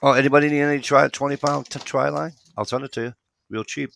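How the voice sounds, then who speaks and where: A man's voice: medium pitch, steady tone, fast talker, creaky, fairly bright tone, slight background noise. A man co-hosting a casual talk show, rambling through a story and retelling both sides of the dialogue, swearing casually. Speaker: podcast co-host.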